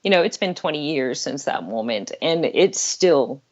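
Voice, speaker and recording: A woman's voice: low-pitched, lively intonation, a little slow, darkish tone, muffled recording. A middle-aged woman talking earnestly and candidly as a guest on an interview podcast, laughing now and then. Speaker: life coach guest.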